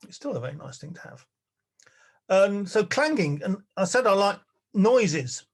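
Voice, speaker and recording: Older lecturer, fairly high-voiced, chatty and wry, talking from a home study. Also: male voice, very animated, normal speed, gravelly, husky. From England. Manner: wry, chatty, with little chuckles. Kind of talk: illustrated public talk. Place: spare-bedroom study at home.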